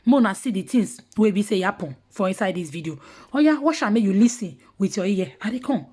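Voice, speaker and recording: A woman with a Nigerian Pidgin accent telling gossip in casual commentary, mocking and animated, sometimes dropping to hushed asides. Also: medium pitch, quick pace, slightly rough. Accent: Nigerian Pidgin English.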